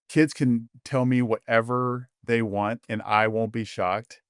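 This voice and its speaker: Male podcast host, low-pitched, eager and chatty, dry close sound. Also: clean tone, no room sound. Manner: enthusiastic, full of fillers; acts out quoted dialogue in animated voices. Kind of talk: casual podcast conversation.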